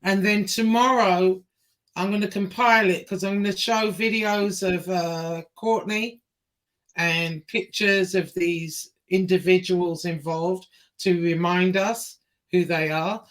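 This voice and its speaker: Slow, halting woman livestream host. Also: fairly low pitch, fairly even intonation. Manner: halting, many fillers and pauses; slow-paced, reads messages aloud. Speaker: show host. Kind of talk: livestream interview.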